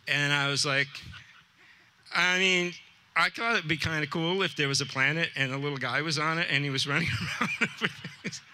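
A man tells a personal story to a live crowd, earnest and chatty, his voice very bright and forward. A faint hum of the room sits underneath. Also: a little high. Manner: earnest, conversational, with quoted dialogue.

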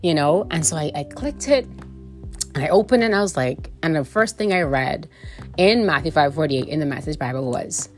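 A woman hosting a faith podcast, chatting lively and directly to her listeners like family. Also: low voice, moderate pace, faint music behind. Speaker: podcast host.

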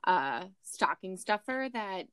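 An upbeat woman co-hosting a casual chat, agreeable and quick to react, her voice of middle pitch. She is recorded close and dry, with no room sound. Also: very animated, fairly bright tone, smooth, no room sound. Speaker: podcast co-host.

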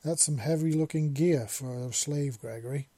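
A man's voice: fairly high pitch, moderate pace, mellow, no room sound, lightly acted. A man voicing a blunt, skeptical woman in a story reading. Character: blunt, skeptical female wastelander.

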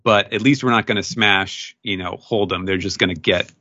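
A man's voice: lowish voice, fairly even intonation, moderate pace, bright, forceful tone, no echo, dull audio. A man, a translator guest on a podcast, thinking aloud as he carefully explains an unclear passage in casual discussion.

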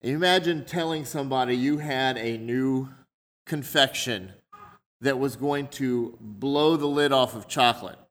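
A man's voice: mid-range voice, a little slow, fairly bright tone. A man preaching a sermon in a conversational way, explaining his points through everyday examples.

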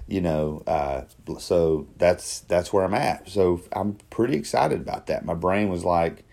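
Low-voiced guy rambling through a casual video diary, lots of restarts. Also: expressive, moderate pace, vocal fry, a little mellow. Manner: rambling, self-correcting, with repeated starts. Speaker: daily video diarist. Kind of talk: casual self-reflective monologue.

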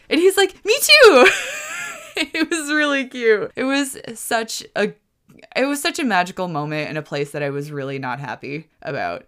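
Rambling, gushing woman, slightly low. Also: a bit bright. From United States. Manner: rambling and gushing, full of "like" fillers. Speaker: podcast host. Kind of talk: casual storytelling monologue.

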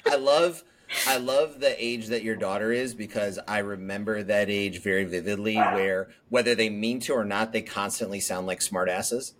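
A man's voice: lowish voice, steady tone, normal speed. Podcast host, male, loose and jokey, laughs a lot, faint hiss. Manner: laughs often, mimics voices jokingly, swears casually. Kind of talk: casual chat.

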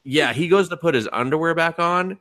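A man's voice: on the high side, a little fast, no echo, clean studio sound. A man co-hosting a podcast, recapping anime in casual chat, acting out quotes with profanity and laughter. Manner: animated storytelling, acts out quotes, profane. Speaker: podcast co-host.

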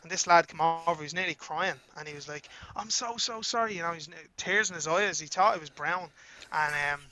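A young man with a Dublin accent, a podcast guest telling a story in casual chat, animated and swearing freely. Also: a little high, a little fast. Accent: Irish, Dublin.

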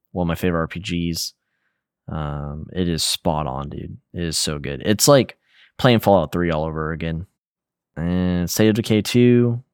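Young male podcast co-host, very low voice, relaxed rambling delivery, dry room. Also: clean tone, dry recording. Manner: relaxed, rambling, lots of fillers and slang. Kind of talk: casual gaming podcast chat.

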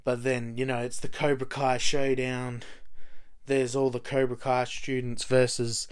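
A man's voice: medium pitch, little pitch movement, a little slow, clean tone. A man casually recapping a TV show, rambling and swearing, full of fillers like "you know" and "like.". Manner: profane, rambling, heavy on fillers. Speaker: TV show fan recapping episodes.

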